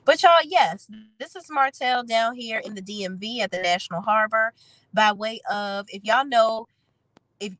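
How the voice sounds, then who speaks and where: A woman's voice: medium pitch, fairly bright tone, dry recording, rough recording. A woman reviewing a reality TV episode in chatty, sassy casual commentary, her voice nasal and congested from a cold. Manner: chatty, sassy, talks straight to viewers.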